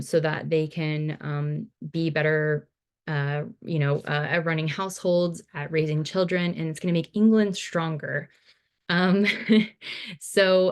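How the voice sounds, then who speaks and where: A woman teaching over slides in a relaxed, casual manner, full of fillers and restarts. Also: sits low. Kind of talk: recorded slide lecture.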